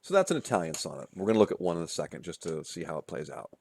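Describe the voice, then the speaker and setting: Deep-voiced man lecturing on poetry. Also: very animated, very fast, creaky. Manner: casual, many fillers and restarts, checks in with "okay?" and "right?"; chants rhythms and rhyme schemes aloud. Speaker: literature instructor. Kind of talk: recorded lecture.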